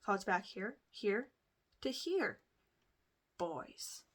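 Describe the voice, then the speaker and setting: A woman vlogger chats through a personal story at a middle pitch, rambling and confiding. She backtracks, restarts her sentences and fills her pauses with "like" and "um.". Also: big pitch swings. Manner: rambling, lots of fillers and restarts; chatty, confiding. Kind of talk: casual storytelling.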